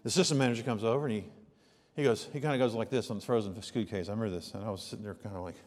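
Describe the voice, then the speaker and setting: A man preaching a sermon, telling stories and moving from hushed asides to loud, emphatic outbursts. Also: lowish voice, fairly even intonation, rapid-fire, long reverb tail. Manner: storytelling, swings from soft asides to loud exclamations. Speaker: pastor.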